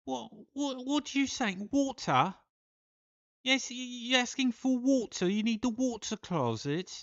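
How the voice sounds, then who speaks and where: A man putting on a puzzled, incredulous English man in a high, squeaky voice. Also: lively intonation, unhurried, fairly bright tone, no echo, highs cut off, heavily acted.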